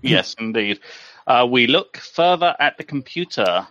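A man's voice: medium pitch, big pitch swings, unhurried, fairly bright tone. A man playing his character in a tabletop game, talking hesitantly and chuckling to himself. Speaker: player. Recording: dull lo-fi mic.

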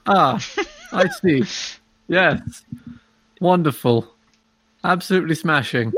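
A man acting as game master for an online tabletop horror game, drawn-out and dryly amused. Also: fairly high pitch, expressive, a bit bright, husky.

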